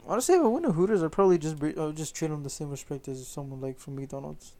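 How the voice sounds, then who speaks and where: A man's voice: a little high, animated, rapid-fire, warm tone. A young man chatting casually with friends, laid-back, swearing freely and laughing often. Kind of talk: casual chat.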